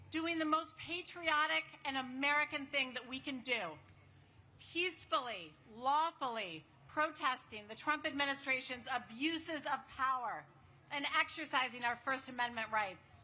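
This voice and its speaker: A woman's voice: sits high, measured pace. A woman speaking enthusiastically to a crowd at an outdoor protest rally as an advocacy leader. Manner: enthusiastic, warm greeting to the crowd. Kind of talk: rally speech.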